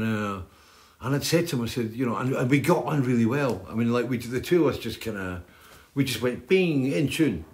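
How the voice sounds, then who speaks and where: An older man, hosting and telling stories in a rambling, chatty way, often tagging on "right?". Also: mid-range voice. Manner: chatty, keeps adding "right?". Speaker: host. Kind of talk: rambling storytelling chat.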